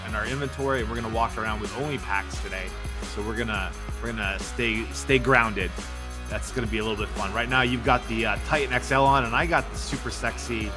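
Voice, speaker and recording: A man's voice: on the low side, steady tone, fast talker, music in the background. A man hosting a casual gaming podcast, chatting in a joking, loose way with lots of restarts. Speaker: podcast host.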